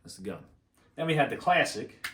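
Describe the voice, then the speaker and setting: A man's voice: mid-range voice, sing-song, brisk, background noise. A young man co-hosting a casual podcast, rambling with many fillers and laughs. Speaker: podcast co-host.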